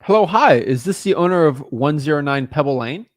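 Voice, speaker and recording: A man who wholesales real estate, talking casually between cold calls in an animated rant and stumbling over repeated words when he gets worked up. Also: on the high side, fairly quick, no echo, studio quality.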